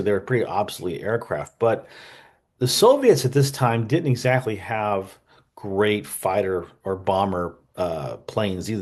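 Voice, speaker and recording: A man with a fairly low voice hosts a history show in loose, unscripted talk. He rambles with plenty of fillers and tosses in wry jokes along the way. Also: a little mellow. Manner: rambling, conversational, many fillers and asides; wry joking asides. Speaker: history channel host.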